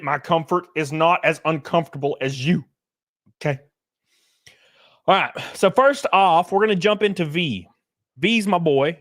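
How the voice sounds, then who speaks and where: A middle-aged man, hosting a casual livestream, joking loudly and reading out chat messages. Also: fairly high pitch, dry recording, studio quality. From Alabama. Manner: loud, joking, reads chat. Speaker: streamer host. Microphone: headset.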